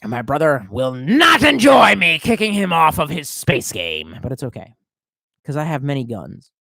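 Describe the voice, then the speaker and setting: A man's voice: a little high, very animated, normal speed, vocal fry, bright, forceful tone, dry recording. A tipsy man streaming live, reading out chat and rambling in a profane, off-the-cuff way. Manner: profane, rambling, swerving between mumbles and outbursts.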